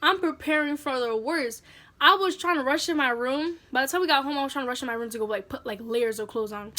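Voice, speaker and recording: High-voiced, animated woman telling a story. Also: fast. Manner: animated, slangy, chatty. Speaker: vlogger. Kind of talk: casual story time.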